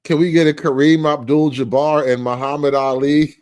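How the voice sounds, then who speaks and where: A man hosting a comedy commentary show, profane and mocking, stretching out names slowly. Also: on the high side, steady tone, a little mellow, clear, resonant tone.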